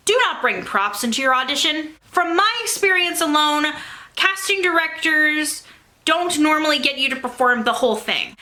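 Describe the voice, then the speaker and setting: A woman's voice: high-pitched, lively intonation, normal speed, sharp tone. A young woman, a theatre vlogger, giving upbeat, emphatic audition advice straight to camera. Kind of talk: casual advice vlog.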